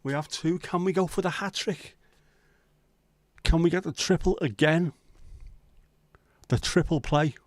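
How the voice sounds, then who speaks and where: A man's voice: on the high side, unhurried, pauses often, no room sound. Bantering male livestream host, dry sound. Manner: joking, teasing banter with viewers. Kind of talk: casual livestream chat.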